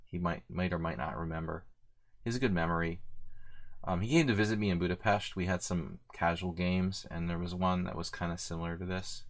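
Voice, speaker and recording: A man's voice: low voice, steady tone, brisk. A man streaming his own blitz chess games, thinking aloud in loose, rambling commentary full of "like". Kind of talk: live commentary while playing blitz chess.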